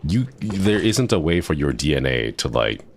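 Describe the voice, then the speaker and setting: A man streaming a game, chatting casually and rambling into excited tangents. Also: extremely low pitch, normal speed, slight background noise. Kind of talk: casual chat while gaming.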